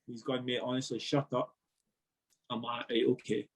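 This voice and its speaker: A man's voice: mid-range voice, normal speed, husky. A Scottish man, a former footballer, casually telling a story and acting out the voices of the people in it. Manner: animated, swearing, acts out dialogue.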